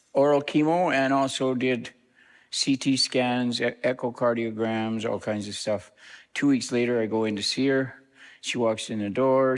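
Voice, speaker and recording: Male minister, storytelling testimony, plain and direct, with a long church reverb. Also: on the low side. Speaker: guest minister. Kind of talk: personal testimony to a congregation. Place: church sanctuary.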